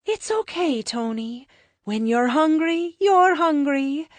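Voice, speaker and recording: A sweet, literal-minded alien woman speaks in a very high, floaty voice, drawing her words out slowly, as a woman puts her on. It is an audiobook character in a dry, close recording. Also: lively intonation, no room sound. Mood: reassuring.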